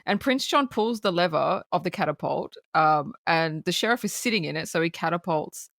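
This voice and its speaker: A woman's voice: on the low side, expressive, moderate pace, creaky, fairly bright tone, no room sound. A woman co-hosting a podcast, casually retelling film scenes with bursts of laughter and swearing. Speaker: podcast co-host. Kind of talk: casual film review chat.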